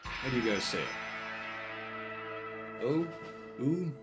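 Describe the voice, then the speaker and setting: A man's voice: medium pitch, animated, slow, loud music behind the voice. A chatty, jokey man streaming a video game, giving casual commentary. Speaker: gaming streamer. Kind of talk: casual let's-play commentary.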